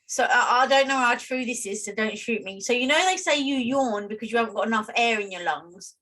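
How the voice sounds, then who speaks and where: A British woman co-hosting a podcast, telling a story in a chatty, animated way over a remote call. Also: on the high side, a little fast. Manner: chatty, animated, self-deprecating. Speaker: podcast co-host. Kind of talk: casual chat, storytelling. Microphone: remote call with lag.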